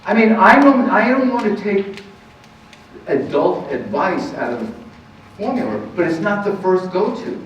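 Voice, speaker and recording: A middle-aged man, a counselor giving a lively, anecdotal parenting talk to a live audience and laughing easily. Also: high voice, a little slow, a little hiss or hum. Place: meeting room with audience. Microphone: distant room mic. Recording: echoey room, far-off muffled mic.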